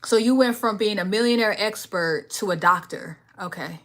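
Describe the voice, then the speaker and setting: A woman's voice: medium pitch, normal speed. Young woman, livestream host, sassy, confrontational, ranting at chat, mutters comments aloud. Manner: reads chat under her breath. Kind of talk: live stream chat reply.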